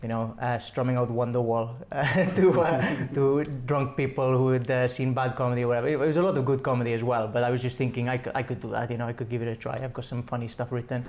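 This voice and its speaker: A man's voice: mid-range voice, steady tone, fast, hardly any pauses, a little mellow. A young man from Mallorca, a stand-up comedian chatting in an interview, joking and laughing often. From Mallorca, Spain. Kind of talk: casual interview chat.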